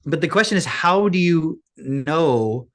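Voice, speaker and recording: A man's voice: fairly high pitch, expressive, a little slow. A man co-hosting a podcast in casual chat, talking bluntly, ranting and swearing freely. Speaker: podcast co-host.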